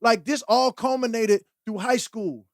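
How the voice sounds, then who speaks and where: A man's voice: extremely high pitch, measured pace, no room sound, studio quality. A man co-hosting a podcast in casual chat, blunt, profane and impassioned. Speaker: podcast co-host.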